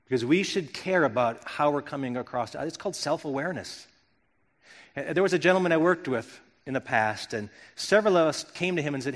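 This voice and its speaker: A man's voice: on the high side, animated, a little fast. A middle-aged man from Wisconsin preaching a sermon, earnest and reflective, often restarting his phrases. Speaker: pastor. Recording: long hall reverb.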